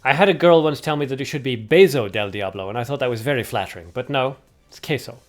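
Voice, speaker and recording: This man hosts a livestream, calling a card game tournament play by play while trading jokes with his chat. He's chatty and playful, mixing live commentary with replies to viewers. His voice is mid-range and he talks fast, with faint music in the background.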